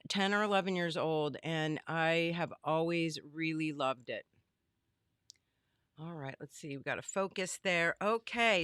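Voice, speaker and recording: A bubbly middle-aged woman greets her livestream viewers one by one from her home craft studio, her voice slightly hoarse. Her tone stays smooth and resonant despite the strain. The sound is dry and close, with no room echo. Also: medium pitch, a bit bright. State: losing her voice. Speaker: livestream host. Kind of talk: casual livestream chat.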